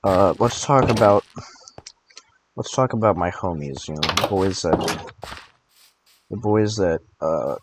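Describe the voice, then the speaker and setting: A man's voice: deep voice, lively intonation, measured pace, pauses often. An eighteen-year-old man rambling through late-night gameplay commentary, tired and groggy from allergy pills, with drowsy joking asides. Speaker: gaming channel host. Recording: clicking noise over the voice.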